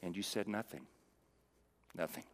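A man preaching a sermon in a conversational way, asking the audience questions and dropping from loud emphasis to near-whispered lows. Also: normal speed, big-room sound. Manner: conversational, with fillers and restarts, asks the audience questions.

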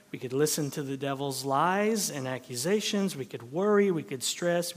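A man preaching a sermon as pastor, animated and swinging from loud emphasis to hushed near-whispers. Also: a little high. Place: church sanctuary. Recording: long reverb of a large church hall.

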